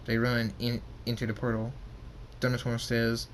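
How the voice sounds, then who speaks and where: Man haltingly reading a homemade story. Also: medium pitch, monotone, a little hiss or hum. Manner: halting, with restarts and slips. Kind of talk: reading homemade fan fiction aloud.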